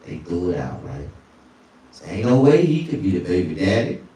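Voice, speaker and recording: A male stand-up comedian telling crude stories, often jumping into falsetto. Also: very animated, moderate pace, dark tone, heavy reverb, far from the mic. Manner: crude, storytelling, swings into falsetto.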